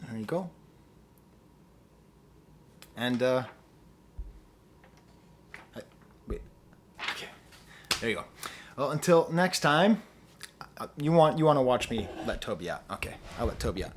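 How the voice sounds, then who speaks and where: A man's voice: medium pitch, expressive, a little slow, long pauses, background noise. A man reviewing an album on his channel, ranting with sarcastic rhetorical questions and growing impassioned. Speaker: music reviewer.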